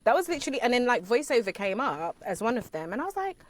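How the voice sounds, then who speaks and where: A woman guest telling her story in a chatty, lively way, laughing often, over a video call. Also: on the high side, fast, no room sound. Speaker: podcast guest. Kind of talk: casual interview chat.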